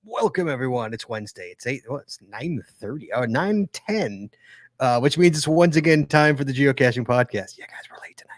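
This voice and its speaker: A man hosts a live podcast in a loose, joking, rambling way. His voice sits at an ordinary middle pitch. The sound is dry and close, with no room around it. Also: animated, normal speed, no echo. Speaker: podcast host. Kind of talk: casual live podcast chat.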